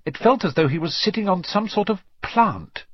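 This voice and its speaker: Male storybook narrator, husky, expressive, pitch moves a lot. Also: moderate pace, dry recording. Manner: expressive, varied reading. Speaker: audiobook reader. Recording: slightly dull lo-fi recording.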